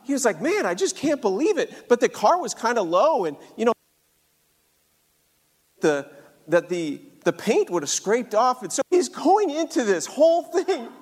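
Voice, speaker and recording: An older man with a fairly high voice tells a personal story earnestly. His words ring with a long hall reverb. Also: very animated, unhurried. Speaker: speaker sharing a faith story.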